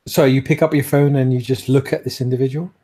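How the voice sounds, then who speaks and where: A man running a tabletop game, describing scenes at length with frequent ums and restarts. His voice is dark and mellow with a husky edge. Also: mid-range voice, fairly even intonation, fast talker. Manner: descriptive, rambling, many fillers. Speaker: game master.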